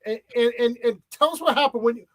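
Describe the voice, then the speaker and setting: A man hosting a casual podcast, halting and stumbling over repeated words as he leads the talk. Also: extremely high pitch, a bit bright, no room sound. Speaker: podcast host.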